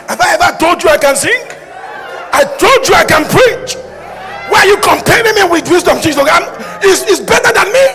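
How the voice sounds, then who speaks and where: A man's voice: very high-pitched, slight background noise. A middle-aged man preaching a sermon, joking and acting out little dialogues as he goes. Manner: animated, jokey, shouts and acts out dialogue. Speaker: pastor. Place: large church hall. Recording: hall reverb with faint ambience.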